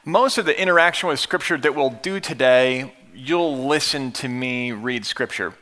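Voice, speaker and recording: A man preaching a sermon to a congregation in a conversational way, his voice still deep from the morning. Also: normal speed, pushed and bright. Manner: conversational preaching, occasional restarts. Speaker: pastor.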